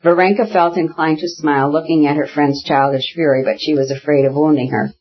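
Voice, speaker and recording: A narrator reading a classic novel in a measured, even manner with a husky voice. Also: mid-range voice, dull audio. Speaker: audiobook narrator.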